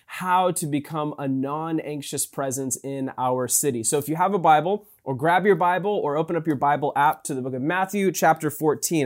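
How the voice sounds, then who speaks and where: A man preaching a sermon as a pastor in a relaxed, conversational way, with fillers and restarts as he reads and explains scripture. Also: on the high side.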